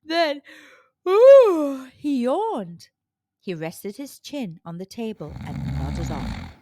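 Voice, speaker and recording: A woman storyteller reading a children's storybook aloud with a slow, expressive delivery. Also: medium pitch, vocal fry, heavy background noise.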